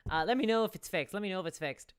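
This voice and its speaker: A woman's voice: medium pitch, racing, clean tone. A woman hosting a live stream, chatting casually, rambling with restarts and thanking viewers for donations. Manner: rambling, with frequent restarts and fillers.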